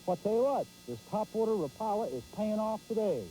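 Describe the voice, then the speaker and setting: A man hosting a fishing show, giving folksy live commentary from a boat on a pond and exclaiming loudly. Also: high voice, very animated, fairly quick, a little hiss or hum, low-quality recording.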